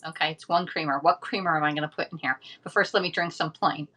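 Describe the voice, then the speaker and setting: A woman's voice: sits low, fairly even intonation, quick pace, pushed and bright. A woman, chatting casually on a livestream from home and rambling through a story with lots of fillers. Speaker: livestream host.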